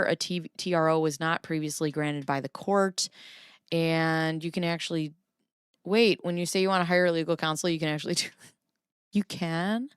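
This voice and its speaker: A woman's voice: fairly low pitch, smooth, dry recording, clean studio sound. A middle-aged woman hosting a casual livestream. She talks playfully, laughs often, chats with her viewers and reads court filings aloud. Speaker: livestream host.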